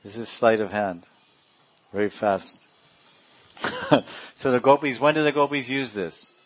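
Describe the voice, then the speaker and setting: A man's voice: medium pitch, a little slow, a little hiss or hum. A man giving a playful storytelling religious talk, laughing often and acting out characters. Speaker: religious teacher.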